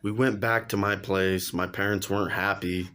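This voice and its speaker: A man's voice: sits low, steady tone, normal speed, fairly bright tone. A young man casually telling a personal story on his vlog, slangy and laughing along as he goes. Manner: laid-back slangy, laughs while telling. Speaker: vlogger.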